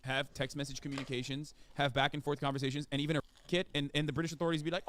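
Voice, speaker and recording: A man reading news articles aloud and reacting, incredulous and excitable, in slangy casual speech. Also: a little high, rapid-fire, hardly any pauses. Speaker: streamer commentator.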